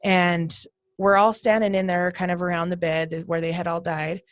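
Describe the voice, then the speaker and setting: Animated woman telling ghost stories. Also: lowish voice, moderate pace, no echo, clean studio sound. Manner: animated, acts out voices in her stories. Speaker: ghost hunter guest. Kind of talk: casual podcast storytelling.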